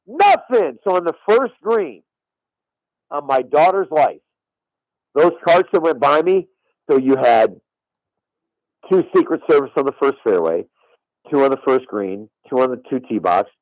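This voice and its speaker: A man's voice: mid-range voice, lively intonation, unhurried, pauses often, darkish tone, no room sound, low-quality recording. A middle-aged man, a former caddie, telling a long story on radio and swearing on his daughter's life. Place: radio studio.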